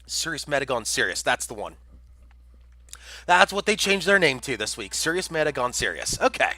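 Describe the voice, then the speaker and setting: A man's voice: medium pitch, very animated, moderate pace, sharp tone, dry recording. A man casting a community game tournament on a livestream, chatty and jokey, reading out chat messages. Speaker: tournament caster.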